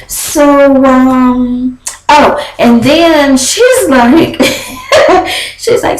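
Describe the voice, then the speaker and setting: Young woman vlogger, sassy casual chat, high animated voice. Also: slow, echoey room, slight background noise, rough recording. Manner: sassy, chatty, animated with laughs and quoted voices. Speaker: vlogger recapping a reality show. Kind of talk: casual gossip recap.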